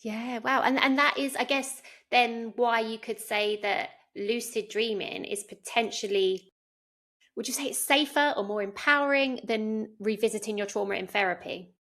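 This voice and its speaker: A woman's voice: a little high, moderate pace, a bit bright. A woman hosting an interview, reacting to her guest and asking a question while thinking aloud. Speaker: host. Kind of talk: interview conversation.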